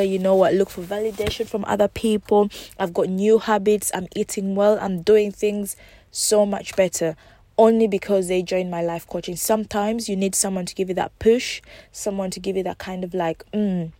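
A woman talks alone on her podcast, coaching her listeners and returning to the same reassuring points again and again. Her voice is soft and mellow at a middling pitch. The sound is dry and close, with no room around it. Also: dry recording. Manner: encouraging, repetitive, speaks directly to listeners. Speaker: podcast host and life coach. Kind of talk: casual solo podcast talk.

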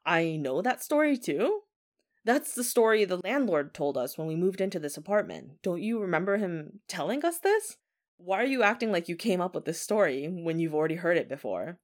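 A woman's voice: lowish voice, sing-song, normal speed. A woman doing a puzzled wife. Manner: questioning, matter-of-fact.

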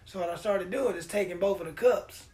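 A man hosting a podcast, telling a story in a casual, profane, animated way and acting out the quotes. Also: high voice, brisk. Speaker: podcast host.

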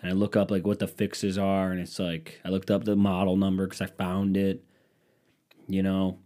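A young man with a fairly low voice hosts a casual solo podcast. He rambles from one story to the next, swears freely and calls himself scatterbrained. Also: monotone, moderate pace, dark tone. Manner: rambling, profane, scatterbrained, mocking voices for quotes. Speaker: podcast host.

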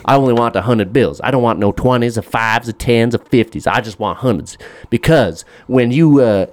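A man's voice: medium pitch, normal speed, no echo. A man co-hosting a casual podcast chat, sarcastic and profane, mocking what he sees online. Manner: sarcastic, swears a lot, mocks with put-on voices. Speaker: podcast co-host.

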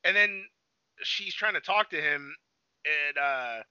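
Slow and smooth, this man's voice sits on the high side while he co-hosts a film review podcast. He wanders through the story casually, saying "like" constantly and acting out quoted lines with animated voices. The lo-fi sound is a little dull and dry, with no echo.

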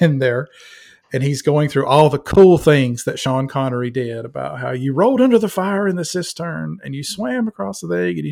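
A man's voice: a little high, animated, moderate pace, gravelly, a little mellow. An American man co-hosting a podcast, chatting enthusiastically about movies with lots of fillers and restarts. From United States. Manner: enthusiastic, rambling, many fillers. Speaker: podcast co-host. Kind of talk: casual movie-ranking chat.

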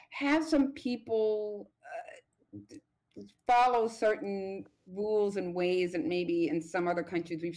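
An American woman doctor giving measured, explanatory interview answers, pausing often with "um". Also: mid-range voice, darkish tone. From United States. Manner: measured, hedging with frequent ums. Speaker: guest expert doctor.

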